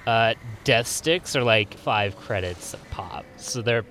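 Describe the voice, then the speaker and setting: A man narrating as game master of a tabletop role-playing game, relaxed and wry with side remarks. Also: on the low side, takes it slowly, slight background noise.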